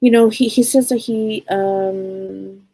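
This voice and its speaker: A woman giving a psychic reading on a live stream, talking in a rambling, halting way with many restarts. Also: mid-range voice, steady tone, warm tone, dry recording. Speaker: psychic medium.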